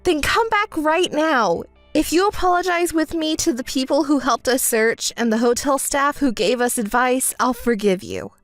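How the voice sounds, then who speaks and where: A woman's voice: high voice, moderate pace, hardly any pauses, no room sound, soft background music, lightly acted. Style: text story voice acting. Figure: a woman playing an indignant young bride, scolding. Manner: scolding, sarcastic.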